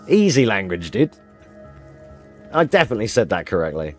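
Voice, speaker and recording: A man's voice: on the low side, big pitch swings, normal speed, long pauses, faint music behind. A man streaming live gameplay, joking with his chat and explaining his moves as he plays.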